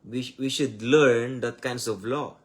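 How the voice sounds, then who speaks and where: Here a Tagalog-speaking preacher from the Philippines, with a Filipino accent, gives a Bible lesson in English over a live stream, speaking at a measured pace in a medium-pitched voice. He is loose and conversational, restarts phrases, repeatedly asks rhetorical questions, and keeps calling his audience "my dears."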